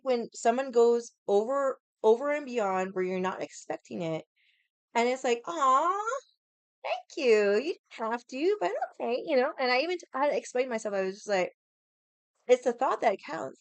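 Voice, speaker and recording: Young woman streamer, sassy and foul-mouthed, fairly high voice, dry close sound. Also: animated, moderate pace, a little mellow, smooth, no echo. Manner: sassy, profane, rambling. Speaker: livestream host. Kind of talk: casual rant to viewers.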